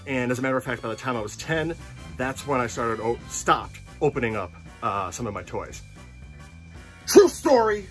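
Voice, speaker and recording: A man's voice: medium pitch, a little fast, far from the mic, soft background music. Rambling, joking man collector. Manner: rambling, joking, excitable bursts. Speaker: collector vlogger. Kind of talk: casual chat to camera. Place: at home.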